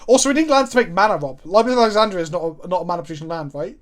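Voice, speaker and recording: A male streamer talks into a close desk mic in loose, jokey chat, swearing freely as he goes. His pitch rises and falls a lot as he riffs. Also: animated, rapid-fire. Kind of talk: casual chat while gaming.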